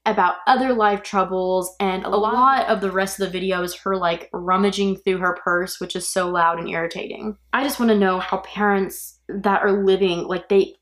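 A woman's voice: medium pitch, fairly even intonation, normal speed, hardly any pauses, fairly bright tone. A woman hosting a true crime podcast, recounting a case in a casual, opinionated way and reacting aloud as she goes. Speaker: podcast host.

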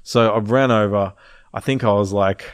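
A man telling a wild story in casual chat, animated, swearing freely and laughing as he goes. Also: fairly low pitch, normal speed, clear, resonant tone, no room sound, clean studio sound.

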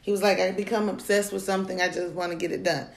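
A woman co-hosting a casual chat about dating, telling stories in an animated way and laughing often. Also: medium pitch, fast talker, creaky. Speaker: podcast co-host. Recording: echoey room.

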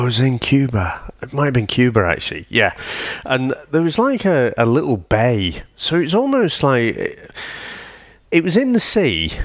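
A man's voice: mid-range voice, no room sound. A man, telling stories on a casual podcast, swearing freely and laughing often. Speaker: podcast co-host. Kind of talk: casual chat.

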